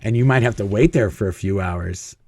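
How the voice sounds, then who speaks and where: A man's voice: on the low side, brisk, darkish tone, no echo. A man as an interview guest, telling stories casually, chuckling often and acting out quoted dialogue. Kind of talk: casual storytelling.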